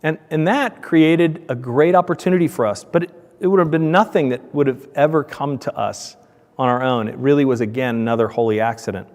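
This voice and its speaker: A man giving a conference talk, telling stories with lively acted-out voices. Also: fairly quick. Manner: animated, acts out dialogue with raised pitch. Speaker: conference speaker, donut shop owner. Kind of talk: storytelling presentation. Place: conference hall. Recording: hall reverb from a conference room.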